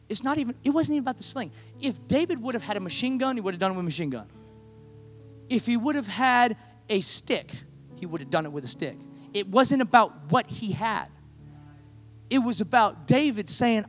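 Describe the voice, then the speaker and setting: A man preaching a sermon, moving from quiet storytelling to impassioned shouting. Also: very high voice, animated, brisk, faint music behind. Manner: builds to impassioned shouting, acts out voices in quotes. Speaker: pastor.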